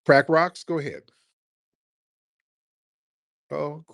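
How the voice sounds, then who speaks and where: A man's voice: fairly high pitch, slow pace, long pauses. Brash man hosting a call-in show. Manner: brash, mocking, animated. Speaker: radio show host. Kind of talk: live call-in comedy talk.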